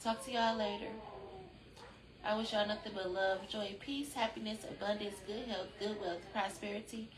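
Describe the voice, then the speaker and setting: A sleepy woman rambles on in a loose, profane way as she hosts a spiritual chat from home. Her voice sits at an ordinary middle pitch, and the room around her rings back with a clear echo. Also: fairly even intonation, normal speed. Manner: drowsy, chatty, loose and profane. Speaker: spiritual channel host.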